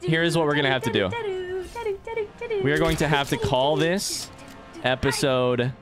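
A man's voice: mid-range voice, moderate pace, over loud music. A young man doing live gameplay commentary, rambling, joking and swearing as he chats to his viewers. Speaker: let's play streamer.

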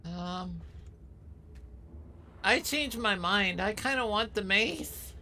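A woman's voice: mid-range voice, lively intonation, slow pace, pushed and bright, slight background noise. Crude, sarcastic woman streamer. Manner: crude and sarcastic, mocking the game character. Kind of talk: casual game-stream chat.

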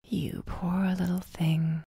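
A woman voicing a menacing young witch who taunts in a breathy whisper. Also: fairly low pitch, little pitch movement, slow pace, warm tone, no room sound, clean studio sound, full character voice. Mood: whispered menace.

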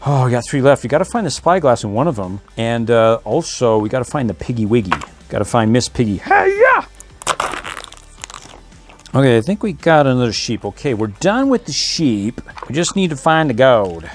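Dad host for a toy unboxing vlog, talks casually, gets excited easily, middle pitch. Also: male voice, a little fast, few pauses, soft background music. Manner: chatty, excitable, laughs often.

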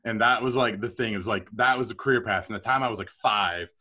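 A middle-aged man telling stories about his career as a podcast guest, chatty and animated with self-deprecating humor. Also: fairly low pitch, fast talker. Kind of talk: storytelling interview.

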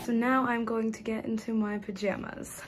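A woman's voice: fairly high pitch, level tone, moderate pace, over loud music. Chatty teen girl vlogging at home. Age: teens. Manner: chatty and giggly. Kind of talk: casual vlog narration. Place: home living room.

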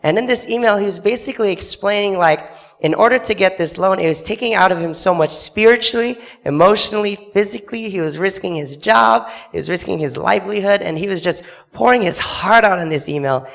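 A young man tells a church congregation his story in a fairly high voice with a gravelly edge. He speaks earnestly and acts out the people he quotes. He is recorded on a handheld microphone in a church sanctuary. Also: brisk, a bit bright, big-room sound. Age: young adult. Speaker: student literature evangelist.

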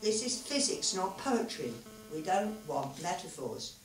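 Woman reading as a cross, sharp-tongued woman, clipped lines, low voice, echoey distant room. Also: big pitch swings, measured pace. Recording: roomy live hall, far mic.

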